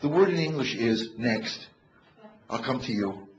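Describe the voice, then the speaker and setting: An older man giving a funny motivational talk on stage to a live audience, animated and storytelling. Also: medium pitch, unhurried. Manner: animated storyteller, bursts into shouts to rouse the crowd. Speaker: motivational comedian. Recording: echoey, dull live hall recording with noise.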